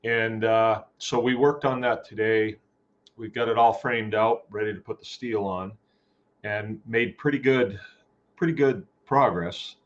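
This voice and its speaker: A man hosts a homespun farming live chat in a low, unhurried voice, rambling along and greeting viewers by name. The sound is dull and lo-fi. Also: fairly even intonation. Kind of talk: casual live-stream chat. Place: home farm.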